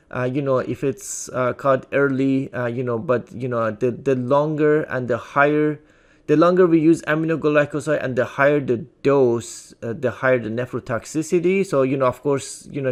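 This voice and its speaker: A man giving a recorded pharmacy lecture in a conversational way, full of fillers like "uh" and "you know" and restarted words. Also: mid-range voice.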